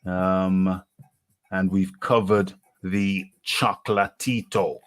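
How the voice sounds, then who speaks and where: A British man from the United Kingdom hosts a casual live boxing talk stream, rambling and repeating phrases with lots of fillers. His voice is deep, flat in delivery and slow.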